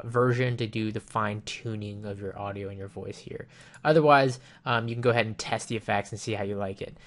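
A man casually demonstrating a program on screen, explaining each step in a relaxed way with frequent ums and you-knows. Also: on the low side. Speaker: software reviewer. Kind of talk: casual screen-recorded software walkthrough. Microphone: desktop microphone with headphones.

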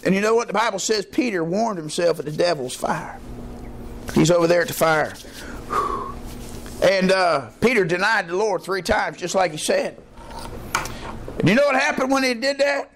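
A man with a high, lifted voice preaches an evening sermon. He talks in a folksy way and punctuates his points with "Amen". His questions go out to the congregation, and a faint hum sits under his words. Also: moderate pace, pauses often, a bit bright. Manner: folksy preaching with frequent "Amen" call-outs. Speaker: pastor. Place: church service with a responding congregation.

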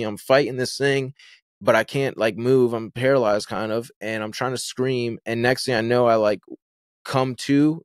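A man's voice: medium pitch, dry recording, clean studio sound. A young man telling a personal story in a casual, rambling way, with many restarts and fillers. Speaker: guest telling his story.

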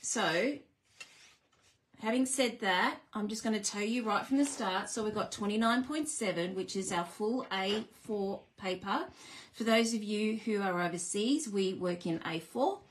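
A woman's voice: mid-range voice, a little slow, a little hiss or hum. An Australian woman hosting a live card-making demonstration, bubbly and chatty as she greets viewers and walks through each step. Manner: bubbly, chatty and easily excited.

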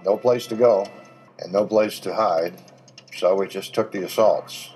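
An older veteran recounts combat in a deep, low voice, halting on fillers and plainspoken. Dry humor slips through now and then. Soft music plays faintly behind him. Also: male voice, low-quality recording. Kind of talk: interview recollection.

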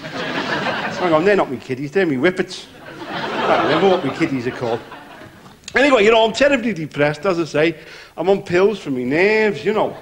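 An actor playing a self-pitying middle-aged warm-up comedian, rambling through his patter in a TV sketch comedy. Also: a little high, expressive, normal speed, pauses often, crowd noise, lightly acted.

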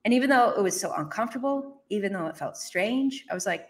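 A woman's voice: medium pitch, animated, fast talker. A woman in her thirties or forties telling a personal business story as a motivational speaker, acting out her own reactions with laughs.

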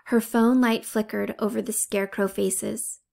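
A woman reading a children's novel aloud in a calm, measured way. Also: medium pitch, gravelly. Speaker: audiobook reader. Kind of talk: storybook narration.

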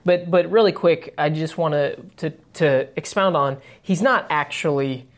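A man's voice: fairly high pitch, measured pace. A man co-hosting a casual morning Bible study, reading scripture aloud and explaining it plainly. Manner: easygoing, reads aloud then explains plainly. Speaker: co-host, reads scripture.

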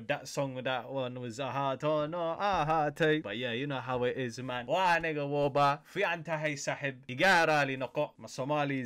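A man's voice: mid-range voice, a bit bright. A young man, hosting a music reaction video in upbeat, slangy casual commentary that addresses viewers directly. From United Kingdom. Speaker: YouTube reaction host.

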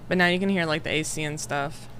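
Young woman streaming from her room, chatty and rambly, soft background hum. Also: low-pitched, quick pace. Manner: rambling, greets viewers one by one. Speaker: livestreamer. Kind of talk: casual chat with live chat. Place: home room, air conditioner running.

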